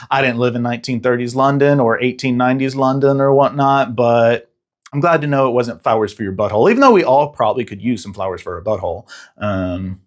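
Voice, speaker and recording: A man recaps a film in a loose, rambling way, swearing freely and laughing as he goes. His voice sits at an ordinary middle pitch. He talks like a casual review-show host.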